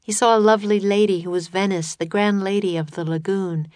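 A woman reading a children's adventure story aloud in a steady, scripted narration. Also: medium pitch, brisk, no room sound. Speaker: audiobook narrator.

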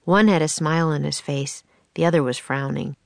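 A woman narrating a children's storybook in a steady reading voice, switching into voices for the characters. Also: low-pitched, fairly quick, creaky, no room sound. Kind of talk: scripted narration of a children's book.

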